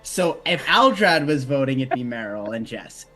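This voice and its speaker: A man's voice: medium pitch, sing-song, moderate pace, pushed and bright, soft background music, rough recording. A man who plays in a tabletop game, chatting casually after the session, rambling and swearing with frequent restarts. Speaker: player. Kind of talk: casual post-session chat.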